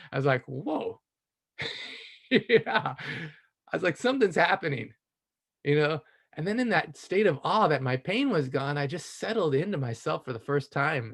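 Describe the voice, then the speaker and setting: A man with a somewhat high-pitched voice tells a personal story in an open, casual way. He is animated and enthusiastic, laughs often, and keeps checking in with his listener through "you know.". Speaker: speaker sharing a personal story.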